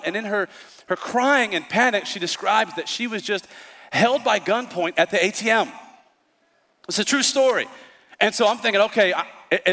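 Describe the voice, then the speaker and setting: A male pastor preaching a sermon, telling stories in an animated way and acting out the voices of the people in them. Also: sits high, brisk, long reverb tail. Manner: storytelling, animated, acts out voices. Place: church.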